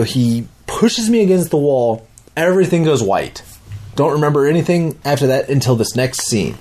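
A young man casually recounting a vivid dream, rambling and swearing as he goes. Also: mid-range voice. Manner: rambling, swearing, lively retelling with restarts. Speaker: dad telling a dream. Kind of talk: casual storytelling.

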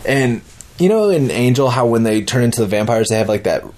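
Rambling, animated man telling a story. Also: mid-range voice, a little fast. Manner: animated, rambling, profane, acts out quotes. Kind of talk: casual storytelling.

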